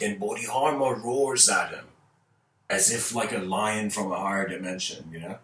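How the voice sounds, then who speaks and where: A man's voice: on the low side, normal speed, a bit bright, slight background noise. A man who is a spiritual teacher, answering viewer questions in a casual, rambling way with many restarts. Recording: roomy, distant mic.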